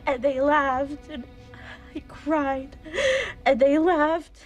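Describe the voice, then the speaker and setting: A woman's voice: high-pitched, fairly even intonation, muffled recording, soft background music. Sobbing, heartbroken young woman. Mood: tearful anger. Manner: halting, tearful. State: crying.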